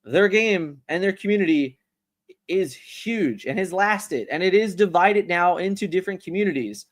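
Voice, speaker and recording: A man hosting a casual livestream, talking in a rambling, animated way and often repeating words as he restarts. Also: high voice, moderate pace. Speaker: livestream host.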